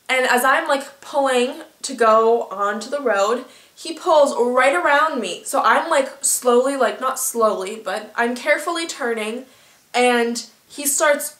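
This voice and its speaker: A teenage girl vlogger telling a story in a chatty, filler-heavy, animated way. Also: high voice, echoey room. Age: teens. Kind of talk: casual storytelling.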